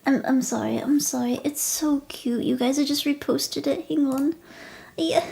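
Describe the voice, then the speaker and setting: A young woman streaming live, chatting casually and gushing, often dropping into soft whispers. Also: sits high, moderate pace, gravelly.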